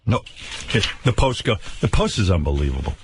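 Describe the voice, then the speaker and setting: A man's voice: on the low side, very animated, a little fast, background noise. An older man hosting a radio show, ranting with profane sarcasm and stammered repeats. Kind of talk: angry on-air rant. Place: radio studio.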